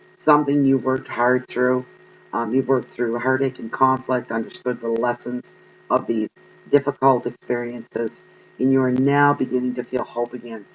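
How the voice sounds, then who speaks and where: A man's voice: mid-range voice, highs cut off, a little hiss or hum. Earnest man giving a tarot reading. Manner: earnest, encouraging, with frequent ums. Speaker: tarot card reader. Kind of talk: spiritual tarot reading to viewers.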